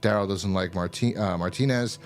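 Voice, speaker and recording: A man's voice: deep voice, moderate pace, soft background music. A man hosting a show, casually recapping a TV episode in a loose, rambling way, full of fillers and swearing. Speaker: show host reviewing a TV episode.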